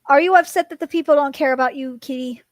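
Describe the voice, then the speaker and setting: A woman's voice: sits high, fast talker, no room sound. A woman streaming casually, rambling with many fillers and cooing at her cat in baby talk. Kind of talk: casual live-stream chat.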